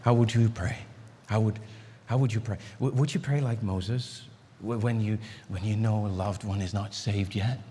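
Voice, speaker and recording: A man's voice: steady tone, normal speed, slight background noise. Pastor guy preaching, earnest, stumbles and repeats words, long church echo. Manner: pleading, repeats words and restarts; swings between high urgent and low hushed delivery. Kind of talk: sermon. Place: church sanctuary. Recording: long hall reverb in a church.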